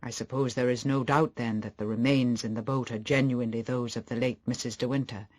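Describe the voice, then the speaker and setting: A man's voice: medium pitch, fairly even intonation, fairly quick, a little mellow, natural voice. A man voicing a shy, anxious young wife in an audiobook, his voice raised and tight.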